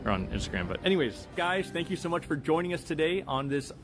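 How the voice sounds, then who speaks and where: A man in his thirties hosting a casual interview, chatting quickly and affirming his guest. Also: on the high side, sing-song. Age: 30s. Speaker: video host interviewing. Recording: clear background music.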